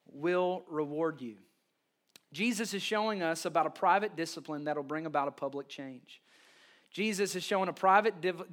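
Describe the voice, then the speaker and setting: A man, a pastor preaching a sermon, telling stories with lively restarts and repeated words. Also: sits high. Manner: animated storytelling with quick restarts.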